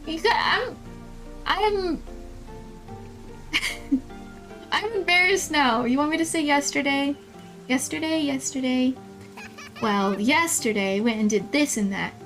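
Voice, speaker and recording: A young woman with a high voice chats with her viewers while she plays a game, giggly and easily flustered. She talks at an unhurried pace, and soft game music plays in the background. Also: expressive. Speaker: streamer. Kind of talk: casual live-stream chat with viewers.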